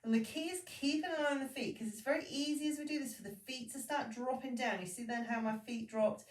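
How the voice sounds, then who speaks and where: A woman leading a Pilates class, giving calm, steady cues and counting through each exercise. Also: high-pitched, a little fast. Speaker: Pilates instructor. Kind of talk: guided exercise class instruction. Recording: echoey room, voice from a distance.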